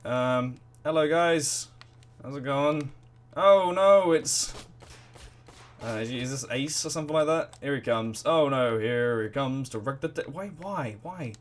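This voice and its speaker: A man giving excitable, rambling let's play commentary full of swearing and reactions to the game. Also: medium pitch, unhurried. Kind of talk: gaming commentary.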